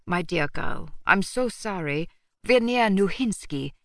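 A woman voicing a kindly, soft-spoken gray-haired older gentleman in a storybook reading. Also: mid-range voice, expressive, measured pace, no room sound, studio quality.

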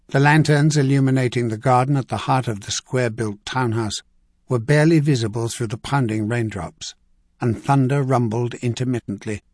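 Casting: male audiobook narrator, steady mid-range voice, dead-dry booth. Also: medium pitch, no echo. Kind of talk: scripted narration.

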